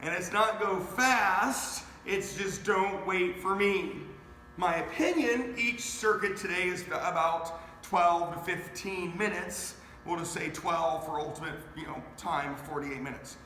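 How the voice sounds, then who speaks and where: A man with a high voice takes his time, leading a home workout in an unhurried, energetic way. He counts out reps and speaks straight to the viewers. The sound is roomy, with a long reverb and a faint hum of ambience behind him. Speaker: fitness coach. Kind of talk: live online workout instruction. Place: garage home gym. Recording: echoey room with faint ambience.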